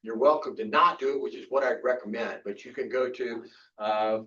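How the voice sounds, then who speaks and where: A man's voice: mid-range voice, normal speed, fairly bright tone, a little hiss or hum. An older man giving a casual workshop lecture on photography, chatty and rambling with frequent restarts and fillers. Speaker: photography instructor. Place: club meeting room. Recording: distant, dull room recording.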